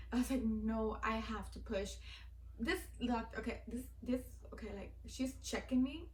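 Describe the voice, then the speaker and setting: A woman's voice: fairly high pitch, moderate pace, roomy sound, distant mic, a little hiss or hum, poor audio. A young woman in her twenties telling a personal story in a casual, heartfelt way, full of fillers and a little teary. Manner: filler-heavy, heartfelt, repeats "like". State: teary-eyed. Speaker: vlogger.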